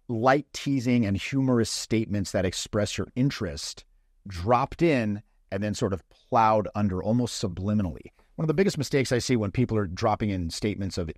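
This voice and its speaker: A man coaching dating in a casual, blunt way, swearing freely and acting out quick mock lines. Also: on the low side, dry recording, clean studio sound.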